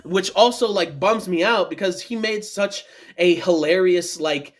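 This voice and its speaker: Man anime vlogger, excited and rambling, slightly high-pitched. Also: a little slow. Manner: rambling, many fillers and restarts, excited. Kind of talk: casual monologue review.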